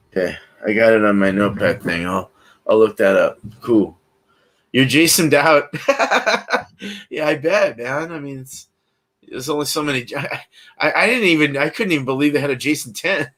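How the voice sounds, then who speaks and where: A man's voice: mid-range voice, fairly bright tone. Laid-back man chatting with his stream. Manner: laid-back slangy, laughs often. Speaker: livestream host. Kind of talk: casual chat with live chat.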